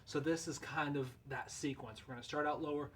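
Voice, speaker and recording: A man's voice: a little high, fairly even intonation, fairly quick, heavy background noise. A man in a casual instructional video, explaining goose calling in a loose, folksy, conversational way.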